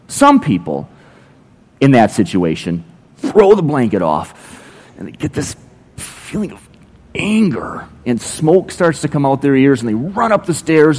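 A man's voice: mid-range voice, wildly swooping pitch, a little slow, long pauses, darkish tone, slightly rough. A man preaching a sermon as a pastor, telling everyday stories with dry, playful sarcasm. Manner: conversational, ironic storytelling with playful sarcasm.

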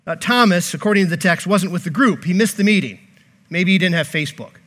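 A male pastor preaching a sermon in an emphatic, animated way, with joking asides. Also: high-pitched, fast.

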